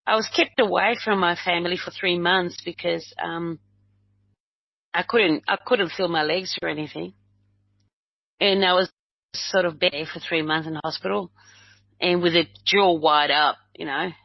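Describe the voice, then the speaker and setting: A woman's voice: fairly low pitch, fairly even intonation, unhurried, vocal fry, long pauses, dry recording. An older woman from Uruguay, a medium and healer, telling a personal story in a rambling way, with many restarts. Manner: rambling, acts out quoted dialogue, many restarts. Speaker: medium and healer, interview guest. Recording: dull lo-fi recording.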